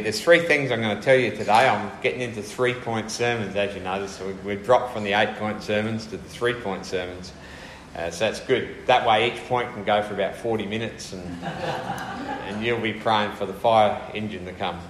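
A man's voice: mid-range voice, slight background noise. Chatty male preacher in an echoey hall. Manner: relaxed, chatty, asks the congregation questions. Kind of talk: conversational sermon. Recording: echoey room with faint ambience.

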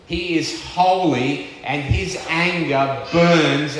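A man preaching a sermon with earnest, emphatic delivery, slowing down to stress key words. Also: medium pitch, a bit bright, a little hiss or hum. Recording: echoey church hall with long reverb.

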